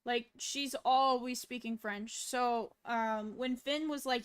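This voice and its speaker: A woman's voice: on the high side, steady tone, takes it slowly, clear, resonant tone. A woman streamer chatting casually with her viewers, laid-back and swearing freely. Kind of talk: casual livestream chat.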